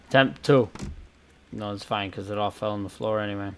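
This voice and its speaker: Casual commentary on a cooking game comes from a young man who speaks at an ordinary middle pitch, with faint hissing noise underneath. He's chaotic and sweary, talking in slow, drawn-out bursts, muttering unfinished asides and suddenly shouting.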